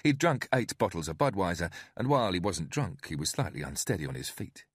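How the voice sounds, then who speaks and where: A man narrates an audiobook in a measured storytelling voice. The voice is very low and husky, and his pitch moves widely. The recording is dry and close, with no room sound. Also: sing-song, no echo. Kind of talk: scripted narration.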